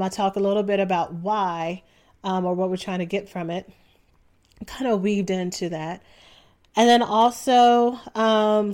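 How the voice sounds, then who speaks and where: A young adult woman hosting a solo podcast, talking casually and relaxed, with frequent ums. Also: mid-range voice. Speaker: podcast host.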